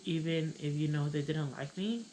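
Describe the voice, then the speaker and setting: A young woman with a Chicano English accent, telling a personal story in a casual, halting way, full of "like" and "you know". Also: low voice, mellow, a little hiss or hum, low-quality recording. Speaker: vlogger.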